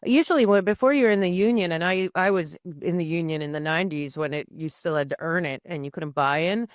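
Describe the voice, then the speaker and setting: A woman's voice: lowish voice, fairly quick, dry recording, studio quality. A woman speaking as a podcast guest, earnest in a casual conversation, often restarting her sentences.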